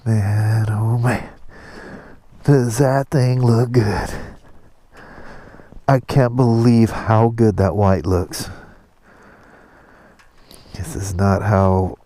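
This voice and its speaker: A man's voice: on the low side, steady tone, very slow, long pauses, warm tone, no room sound. A middle-aged man, chatting casually in a motorcycle vlog and chuckling often, out on a rainy ride and then at home. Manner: easygoing, talks to himself and the viewers, chuckles often. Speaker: motorcycle vlogger. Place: riding a motorcycle outdoors in the rain, then at home.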